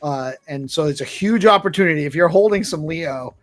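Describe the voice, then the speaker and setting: A man's voice: on the high side, brisk. A man hosting a casual live audio chat, upbeat and enthusiastic. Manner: upbeat, enthusiastic, laughs often. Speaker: host.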